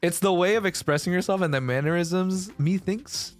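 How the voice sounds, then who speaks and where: A young man streaming, chatting casually with viewers, swearing and shouting in protest. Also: sits high, normal speed, faint music behind.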